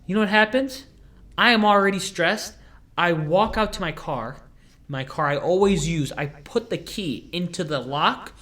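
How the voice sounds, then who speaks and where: A young man hosts a casual podcast, his voice sitting a little higher than most men's. He rambles through jokey stories, full of fillers and restarts. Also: a little slow, bright, forceful tone. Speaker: podcast host. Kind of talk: casual chat.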